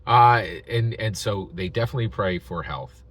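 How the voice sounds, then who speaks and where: A man's voice: on the low side, normal speed, a bit bright. A man giving casual, rambling commentary, acting out quotes in different voices as he tells a story. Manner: rambling with frequent restarts and filler words. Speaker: video commentator.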